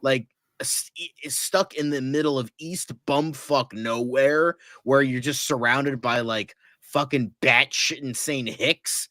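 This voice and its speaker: A man's voice: mid-range voice, takes it slowly, bright, forceful tone, no echo, clean studio sound. A man chatting casually about horror movies as podcast co-host, rambling with lots of fillers and swearing freely.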